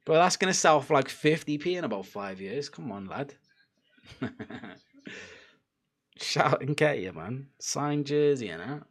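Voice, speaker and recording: Excitable young man, lively watchalong chat. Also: mid-range voice, slow, pauses often, slightly rough. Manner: excitable, laughing, loud outbursts at chances. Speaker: football fan streamer.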